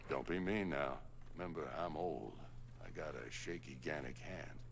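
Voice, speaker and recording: An actor playing a calm, wry older male surgeon in a video game, with a dry, teasing manner. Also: rumbling low, moderate pace, creaky, a little hiss or hum.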